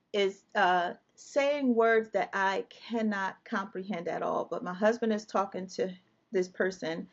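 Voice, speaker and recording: A woman's voice: medium pitch, dull audio. A woman guest telling an emotional personal story, vividly reliving scenes with quoted dialogue.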